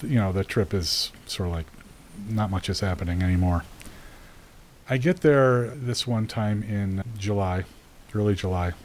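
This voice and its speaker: A middle-aged man with a somewhat low voice tells a story in relaxed conversation. He rambles a little and laughs often as he talks. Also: a little hiss or hum, low-quality recording. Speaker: guest telling a story. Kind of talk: casual storytelling.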